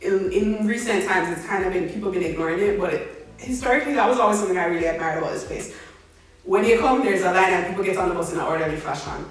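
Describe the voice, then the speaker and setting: A young woman, telling a story in a casual, slangy, animated way and laughing along as she goes. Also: fairly low pitch, quick pace. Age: young adult. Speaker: vlogger. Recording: very echoey room, mic at a distance.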